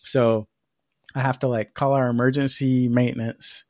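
A man's voice: mid-range voice, little pitch movement, moderate pace, darkish tone, dry recording, clean studio sound. A man co-hosting a podcast, telling a long, profane story in casual chat. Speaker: podcast co-host.

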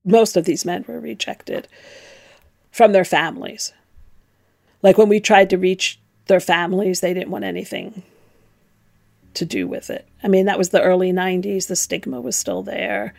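Gravelly middle-aged woman telling her story. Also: medium pitch, fairly even intonation, measured pace, long pauses, darkish tone, faint music behind. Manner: candid, reflective, emphatic. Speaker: interviewee, former nun. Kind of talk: personal storytelling.

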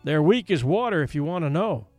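A man's voice: fairly high pitch, lively intonation, a little fast, a little mellow, no echo, faint music behind, close to an everyday voice. A man voicing plainspoken backwoods onlooker men with a folksy, drawling, blunt manner. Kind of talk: audiobook character voice.

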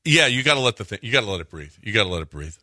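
A man's voice: fairly low pitch, big pitch swings, racing, bright, forceful tone, no room sound, clean studio sound. A man co-hosting a sports radio show, chatting casually and egging on his co-host.

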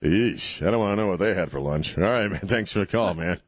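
A man's voice: deep voice, lively intonation, fairly quick, breathy edge, no echo. A man hosting a call-in radio show from a studio, blunt and joking, laughing often. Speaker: radio talk show host. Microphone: studio mic.

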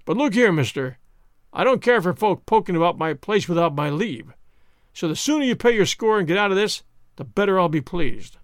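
A man voicing a surly, menacing male innkeeper and blacksmith who talks in a gruff, hostile, blunt way in a storybook reading. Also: high-pitched, expressive, brisk, no echo, studio quality.

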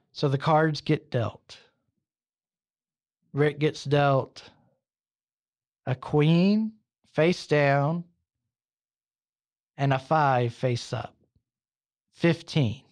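Man, podcast host, slow storytelling, slightly high voice, casual asides. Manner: unhurried, conversational with "you know" asides. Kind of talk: storytelling narration.

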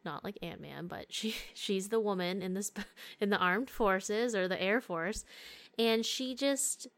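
A woman's voice: medium pitch, unhurried. Candid young woman podcast host. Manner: candid storytelling with frequent laughs and swearing. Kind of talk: casual podcast chat.

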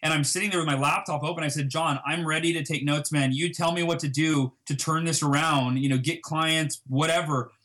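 A man telling a personal story as an interview guest, acting out past conversations with lively emphasis. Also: a little high, brisk, hardly any pauses. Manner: animated, reenacts dialogue with emphasis.

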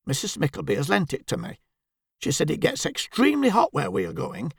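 A man's voice: a little high, huge pitch swings, fairly quick, creaky, slightly rough, dry recording, studio quality, full character voice. A man voicing a bossy, fussy middle-aged wife who scolds in a prim, censorious way. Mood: scolding.

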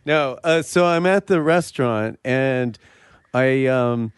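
A man hosting a comedy podcast, telling a story in a loud, rambling, playful way. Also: mid-range voice, takes it slowly, smooth, no room sound, studio quality. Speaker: podcast host. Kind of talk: improvised comedy podcast banter.

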